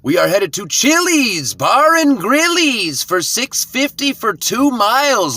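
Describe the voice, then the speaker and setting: A man's voice: extremely high pitch, very animated, unhurried, few pauses, sharp tone, no echo. A man vlogging from his car about his delivery runs, talking in a hyped, joking, storytelling way. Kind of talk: casual vlog narration. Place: inside a car. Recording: clear road noise in a car. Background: car and road noise.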